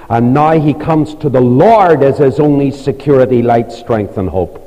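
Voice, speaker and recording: Fervent preacher man, dark voice. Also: normal speed, hardly any pauses. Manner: fervent, pleading, climbs high on appeals. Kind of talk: evangelistic sermon. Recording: long reverb of a large hall.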